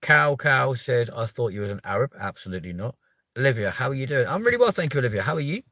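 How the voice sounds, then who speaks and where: A man's voice: mid-range voice, very animated, fast, bright, forceful tone, no room sound. A British man in his thirties hosting a livestream, chatting casually with viewers and reading their comments, playful and mock-offended, swearing casually. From United Kingdom. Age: 30s. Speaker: livestream host.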